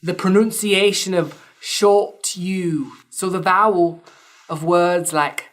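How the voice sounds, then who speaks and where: A woman's voice: lowish voice, steady tone, a little slow. A woman podcast host giving a scripted explainer lesson, with dry, wry asides between points.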